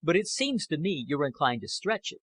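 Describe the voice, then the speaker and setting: A man voicing a blunt, greedy, unpleasant scientist who speaks with slow, deliberate emphasis. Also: on the high side, sing-song, a bit bright, breathy edge, no echo, voice pushed up, exaggerated voice. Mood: sneering.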